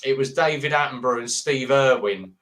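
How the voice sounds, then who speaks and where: A man's voice: mid-range voice, fairly quick, a bit bright. A man in his fifties hosting a casual late-night live chat with friends, rambling and jokey, slipping into silly voices when telling a story. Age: 50s. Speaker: live stream host.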